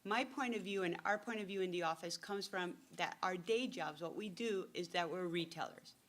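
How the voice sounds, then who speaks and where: A woman's voice: fairly low pitch, normal speed, a bit bright. A woman giving a casual, joking workshop talk as a retail buyer and consultant. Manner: chatty, joking storyteller.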